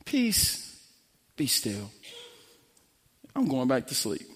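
A man voicing Jesus as calm and unhurried, speaking softly and low with quiet authority. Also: husky, exaggerated voice. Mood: hushed commanding. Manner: soft, low and hushed. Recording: long hall reverb.

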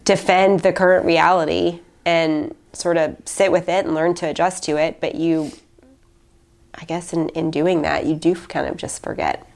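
Young woman on a podcast, kinda low voice, rambly and heartfelt with lots of likes. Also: flat delivery, normal speed, vocal fry, darkish tone. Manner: heartfelt, many likes and restarts. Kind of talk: casual conversation.

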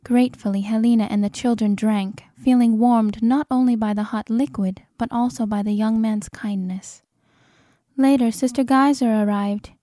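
A woman's voice: a little high, fairly even intonation, dark tone, no echo, clean studio sound. Woman narrating a dramatic audiobook. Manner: measured, dramatic. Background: cinematic score.

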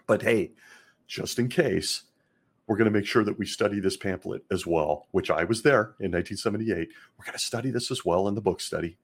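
A man's voice: on the low side, a little fast, breathy edge. A middle-aged man hosting a podcast, giving sarcastic commentary and laughing often. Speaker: podcast host.

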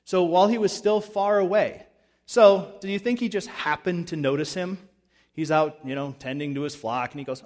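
A man delivers a sermon in a loose, conversational way, slipping into voices for the people in his stories. His voice sits a little high for a man. The sound carries a long reverb, as in a large hall. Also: normal speed, a little mellow. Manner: conversational preaching, acts out voices in retold scenes. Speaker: pastor.

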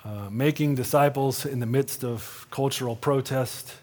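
A middle-aged man preaching a sermon in a church. He talks in an earnest, conversational way, often asking "right?", and drops to a soft, hushed voice for quoted promises. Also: mid-range voice, measured pace, in a large hall. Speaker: pastor. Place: church sanctuary.

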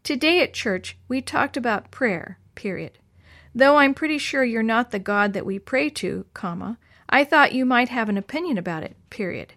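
A woman's voice: a little high, animated, normal speed, fairly bright tone. A woman voicing an earnest, thoughtful boy who speaks carefully.

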